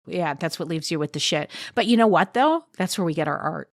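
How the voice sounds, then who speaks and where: A woman's voice: fairly low pitch, lively intonation, a little fast, no echo, clean studio sound. A woman speaking as a podcast guest, talking frankly and reflectively, swearing freely as she chats. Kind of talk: candid conversational chat.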